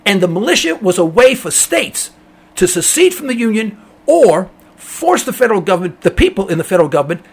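Emphatic husky-voiced male radio host. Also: high voice, very animated, fairly quick. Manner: emphatic, rambling, mocks callers in a dopey voice. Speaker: radio talk show host.

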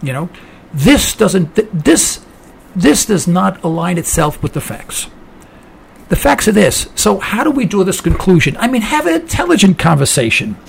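A man hosting a talk radio show, delivering an impassioned political monologue full of restarts and sudden rises in pitch. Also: very animated, moderate pace, vocal fry, a little hiss or hum. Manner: heated, rambling, with many restarts and rising outbursts.

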